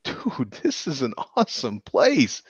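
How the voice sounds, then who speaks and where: A man hosting a casual live video chat over beers, excitable and animated, calling people "dude" and "man". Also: mid-range voice, unhurried, husky, dry recording, dull audio. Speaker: host. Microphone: video call.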